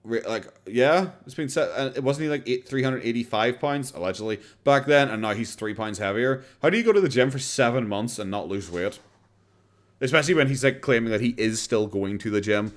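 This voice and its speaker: An Irish man talks through a casual commentary stream in a mid-pitched voice. He is sarcastic and swears freely, and he keeps cracking himself up with laughter as he goes. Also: animated, brisk. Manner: sarcastic, profane, laughs often.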